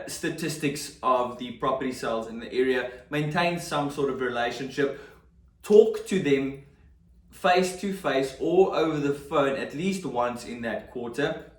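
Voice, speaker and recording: A man's voice: medium pitch, measured pace. A man who works as a real estate agent, explaining his sales method in a chatty, emphatic way with joking asides. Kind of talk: casual explainer to camera. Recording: echoey room, mic at a distance.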